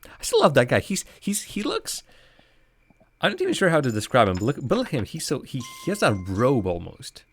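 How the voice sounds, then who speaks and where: A man's voice: mid-range voice, huge pitch swings, a little fast. A man giving casual, rambling commentary while streaming a game live, chatting with viewers and laughing often.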